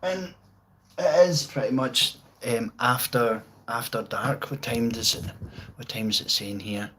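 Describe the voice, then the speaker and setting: A man's voice: mid-range voice, unhurried, fairly bright tone, slight background noise, poor audio. A man with a Glaswegian Scottish accent chatting on a live stream, rambling and swearing in a jokey, laid-back way while reading out viewers' comments. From Scotland, outskirts of Glasgow. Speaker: livestreamer. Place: at home with guitar and amp.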